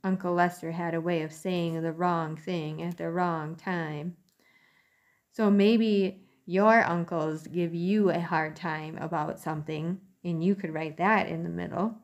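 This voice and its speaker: Woman teacher reading a kids' book to class, lowish voice, chatty asides. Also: steady tone, measured pace.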